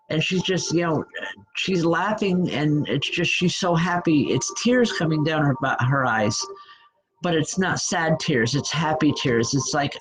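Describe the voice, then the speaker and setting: A woman medium giving a live spirit reading online. Her speech is halting and stop-start, full of restarts, as she hands on messages gently. She keeps reassuring the people she is reading for. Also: deep voice, poor audio.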